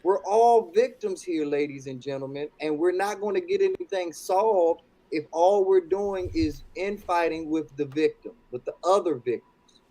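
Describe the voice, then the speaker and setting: A man making an earnest, preacherly point about everyone being victims, addressing "ladies and gentlemen". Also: a little high, moderate pace, rough recording.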